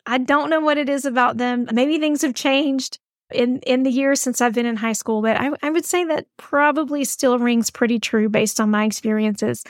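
Chatty woman, fairly high voice. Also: no echo, studio quality. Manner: chatty, encouraging, emphatic. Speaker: podcast host. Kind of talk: casual advice podcast.

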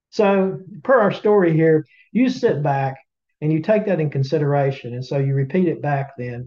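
A man's voice: fairly high pitch, lively intonation, normal speed, warm tone, lo-fi sound. A man with a Southern US accent, a podcast co-host telling a folksy story to listeners in a drawling, chatty way with teasing asides. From Southern United States.

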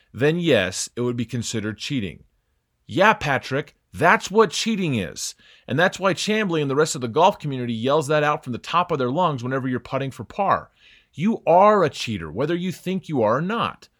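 A man's voice: mid-range voice, a bit bright. A young man hosting a scripted sports opinion segment, talking in a sarcastic, mocking way with theatrical emphasis.

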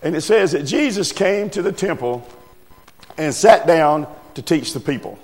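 A preacher giving a folksy, unhurried storytelling sermon. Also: male voice, on the high side, lively intonation, darkish tone. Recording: echoey hall, faint music.

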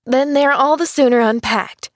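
A woman reading a storybook, voicing a kindly rustic housemaid who speaks in a brisk, motherly, homespun dialect. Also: high voice, dry recording, studio quality, voice pushed up, lightly acted. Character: kindly rustic young housemaid, plain-spoken.

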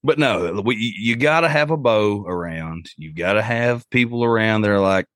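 A man's voice: on the low side, lively intonation, normal speed, few pauses, a bit bright, no room sound, clean studio sound. A man hosting a podcast in an easygoing, jokey way, laughing along with his guest. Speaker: podcast host. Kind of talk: casual conversation.

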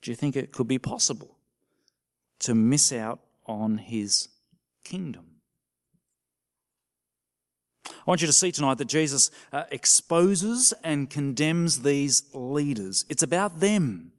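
A male minister preaching a sermon, asking the congregation questions and dropping to a soft voice at times. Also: mid-range voice, takes it slowly, long pauses. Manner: animated, questioning the congregation with sudden soft drops.

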